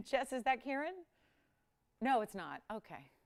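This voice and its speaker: A woman hosting a live jewelry auction on TV, talking to viewers and crew in a loose, chatty way. Her voice sits a bit higher than most women's. She laughs often, and her pitch and loudness swing up and down. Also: big pitch swings, unhurried. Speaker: live jewelry shopping host. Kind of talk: live TV shopping auction chat.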